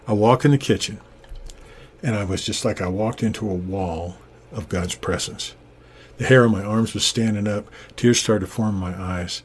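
A husky, somewhat low-voiced older man tells a personal faith testimony from a home studio. He speaks earnestly and with animation, slipping into the voices of the people in his story. His desktop studio microphone picks him up close and clean. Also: darkish tone. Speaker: Christian minister. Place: home studio with green screen. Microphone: desktop USB studio microphone.

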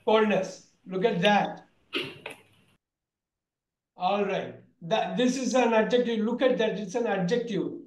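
A man's voice: high-pitched, mellow, roomy sound, rough recording. A man teaching an online vocabulary lesson, repeating words and quizzing his students. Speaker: English teacher.

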